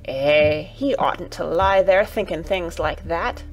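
A woman's voice: lowish voice, takes it slowly, dull audio, faint music behind. Dickon, a woman doing a farm boy. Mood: earnest. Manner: broad dialect, warm and coaxing. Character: Yorkshire farm boy, gentle and earnest.

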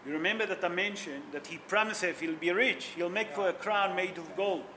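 A man's voice: high-pitched, brisk, pushed and bright, a little hiss or hum. A man speaking as a rabbi in a sermon, telling stories emotionally and asking his listeners questions, in non-native English with simple grammar. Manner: emotional storytelling, asks the audience questions.

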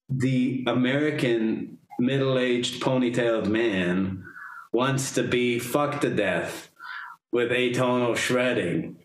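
A man's voice: medium pitch, slow pace, echoey room, rough recording. A man hosting a podcast, chatting casually with crude jokes and lots of fillers. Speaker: podcast host. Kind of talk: casual chat.

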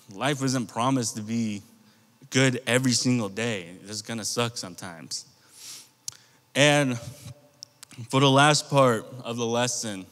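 Youth pastor, American man, mid-pitched, chatty storyteller talking straight to the kids, long hall reverb. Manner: conversational, animated storytelling, addresses the youth group directly. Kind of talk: casual youth sermon with storytelling.

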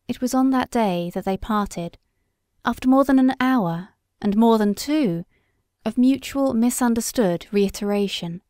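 A woman's voice: fairly high pitch, unhurried, darkish tone, dry recording, clean studio sound. Woman reading a classic story. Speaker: audiobook reader. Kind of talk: scripted literary narration.

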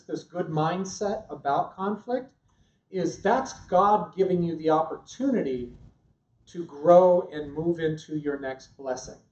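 A man's voice: high-pitched, darkish tone. Guy teaching a church marriage class, keeps restarting, far off mic in an echoey room, dull sound. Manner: analytical, halting with many restarts.

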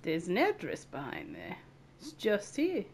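A woman's voice: medium pitch, huge pitch swings, unhurried, vocal fry, a little hiss or hum. A woman giving casual let's-play commentary, playful and giggly as she chats to herself. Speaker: gaming video creator.

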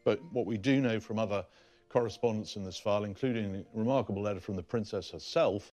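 A man's voice: lowish voice, a little mellow, no echo. A man explaining archive documents as a historian, reading passages aloud.

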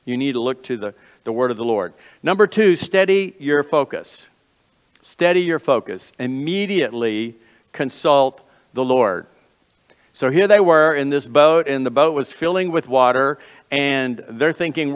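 A man's voice: a little high, lively intonation, normal speed. Man preaching in a reverberant sanctuary. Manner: earnest, folksy preaching with repeated phrases and self-corrections. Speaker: pastor. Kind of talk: sermon. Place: church sanctuary.

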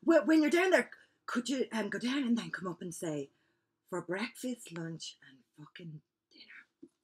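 A comic actor playing an obsessed, scheming young woman who talks breathlessly and often drops to hurried whispered asides. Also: medium pitch, very animated, breathy edge. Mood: manic. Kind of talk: comedy sketch.

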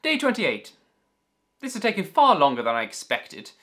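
A man playing a jolly, lively sea captain. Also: sits high, normal speed, pitched above the performer's own voice, full character voice. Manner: jolly, theatrical storybook reading. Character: bold old sea captain writing his log. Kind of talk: storybook reading.

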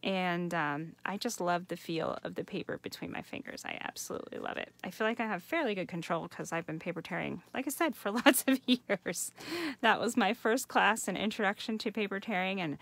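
Chatty woman with a gravelly edge. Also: medium pitch, fairly quick, a bit bright, dry recording. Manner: chatty, enthusiastic, addresses viewers as you guys. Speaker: craft host. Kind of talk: live craft demonstration. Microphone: home setup for a live stream.

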